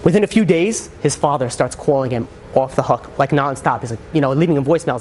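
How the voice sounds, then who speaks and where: Fast-talking rabbi telling a story. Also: male voice. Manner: animated storyteller, acts out characters with shifts in pitch; conversational, many fillers. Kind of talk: storytelling sermon.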